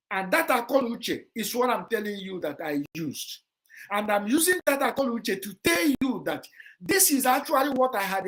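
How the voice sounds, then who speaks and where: A woman with a Nigerian accent hosting a vlog, giving forceful, repetitive, lecturing commentary aimed straight at a rival. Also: sits high. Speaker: vlog host. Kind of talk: impassioned livestream commentary.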